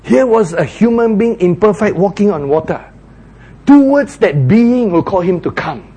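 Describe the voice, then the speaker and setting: A man preaching a sermon, retelling a story dramatically with shouted voices for its characters. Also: sits high, expressive, moderate pace, slightly rough.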